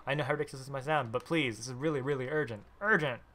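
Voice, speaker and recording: A desperate young man pleading for help, voiced by a man reading a visual novel. He begs urgently, and his voice is bright and pressing. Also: medium pitch, steady tone, rapid-fire, natural voice.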